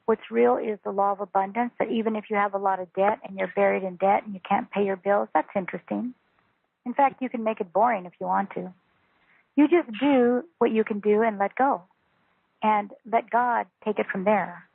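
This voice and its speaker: A woman, a spiritual teacher, talking calmly and earnestly as a guest on a phone interview. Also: mid-range voice, moderate pace, gravelly, husky, no room sound. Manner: calm, earnest, instructive. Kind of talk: interview over a phone call. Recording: tinny phone line.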